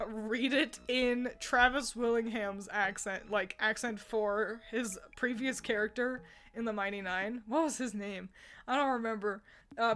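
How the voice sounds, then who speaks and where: A woman's voice: on the high side, fairly bright tone. A woman streamer chatting casually with her viewers. She rambles and laughs often between thoughts. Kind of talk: casual livestream chat answering viewers.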